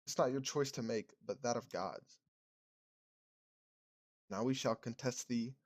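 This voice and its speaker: A man's voice: mid-range voice, measured pace, lightly acted. A man voicing a stern male priest who judges a woman as a witch, speaking in archaic, solemn tones. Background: game music.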